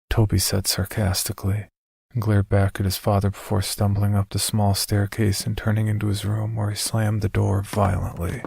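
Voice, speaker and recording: Deep, flat, gravelly male horror narrator. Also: moderate pace, no room sound, studio quality.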